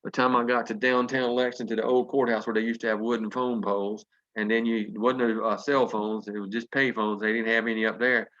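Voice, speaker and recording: Folksy Southern man with a low voice. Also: level tone, fairly quick, hardly any pauses, fairly bright tone, highs cut off. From North Carolina, USA. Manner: folksy, earnest, emphatic. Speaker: motivational speaker. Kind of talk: motivational storytelling. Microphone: video call.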